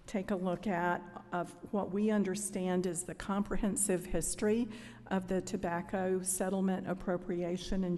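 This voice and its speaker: A middle-aged woman testifies before a legislative committee in a measured, polite way, pausing often on "um." Her voice sits fairly low and mellow, with little rise and fall. The hearing room adds a long reverb tail. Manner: measured, polite, with frequent "um" pauses. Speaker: cancer network representative testifying to lawmakers. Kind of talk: formal budget testimony.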